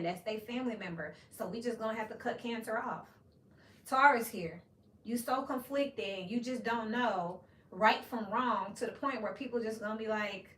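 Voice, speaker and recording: Blunt woman reading tarot. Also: medium pitch. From Memphis, United States. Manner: blunt, profane, animated, acts out quoted voices. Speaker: tarot reader. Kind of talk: casual tarot reading monologue. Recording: echoey room, mic at a distance, faint hiss.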